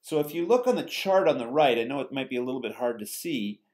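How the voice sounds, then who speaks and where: A man teaching a lecture, explaining step by step in a steady way, with fillers and self-corrections. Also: medium pitch, fast. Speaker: English teacher giving a lecture. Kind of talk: recorded lecture.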